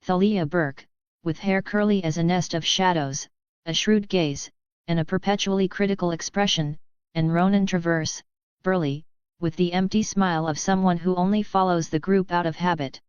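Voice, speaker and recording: A woman narrating a fantasy novel audiobook in a steady, even storytelling manner. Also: lowish voice, normal speed, clear, resonant tone, dry recording, muffled recording. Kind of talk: scripted narration.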